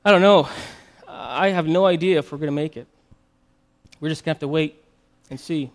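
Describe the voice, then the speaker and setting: A man's voice: a little high, normal speed, lightly acted. A man voicing a skeptical man on a life raft who talks defensively about how educated he is. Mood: hopeless.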